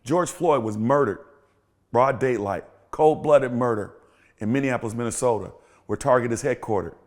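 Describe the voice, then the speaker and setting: A man's voice: mid-range voice, a little fast. A middle-aged man, a pastor and podcast host, giving emphatic, sermon-like commentary and repeating phrases for rhythm. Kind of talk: preaching-style commentary.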